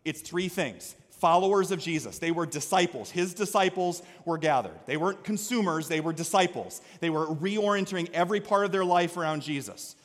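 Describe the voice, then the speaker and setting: A man preaching a sermon as pastor, energetic, swinging from quiet storytelling to loud exhortation. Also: on the high side, moderate pace, hardly any pauses. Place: church sanctuary. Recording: long reverb of a church hall.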